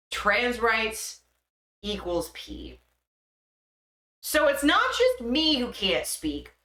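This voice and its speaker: A young woman chats on her live stream in a bright, slightly high voice that rises and falls a lot. She talks slowly, laughs at her own slips and swears freely. The sound carries an echo from the room. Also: big pitch swings. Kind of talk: casual live-stream chat.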